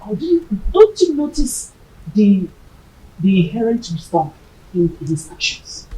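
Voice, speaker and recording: An actress playing a wise royal mother who counsels her son and the king calmly and persuasively, heard in a very echoey room from far off. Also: medium pitch, measured pace.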